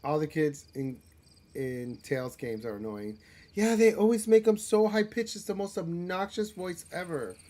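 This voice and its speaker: A man's voice: on the high side, animated, moderate pace, warm tone. A man streaming a role-playing game live, talking in a rambling, self-deprecating way with frequent restarts and filler words. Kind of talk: casual live gameplay commentary.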